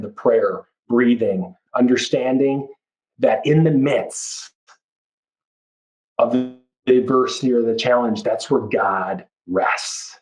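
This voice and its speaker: An earnest man talking as a life coach on a podcast, with a voice of middle pitch. He is reflective and often circles back to restart a phrase. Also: a little mellow, rough recording. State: moved, near tears. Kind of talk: podcast interview.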